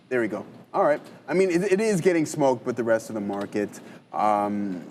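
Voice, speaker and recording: A man's voice: mid-range voice, background noise. A man co-hosting a live trading show, chummy and upbeat, thinking aloud while he pulls up charts. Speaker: trader and co-host. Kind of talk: casual live market chat.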